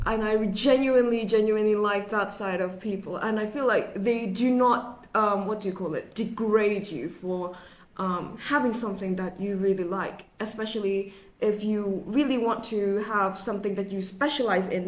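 A young woman, a university student guest, chatting casually on a podcast in a put-on British accent, laughing often and filling with "like". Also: medium pitch. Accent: British English, put on for the show. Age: young adult. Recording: roomy echo.

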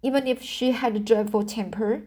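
A woman's voice: a little high, steady tone, moderate pace, mellow, close to an everyday voice. A woman voicing a dramatic, talkative young orphan girl pleading for forgiveness in a storybook.

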